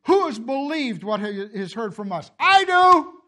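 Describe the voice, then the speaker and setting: A man preaching a sermon and reading scripture, impassioned, swinging from loud calls to low, hushed lines, often coughing and clearing his throat. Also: expressive, normal speed. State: emotional, tearing up. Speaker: pastor.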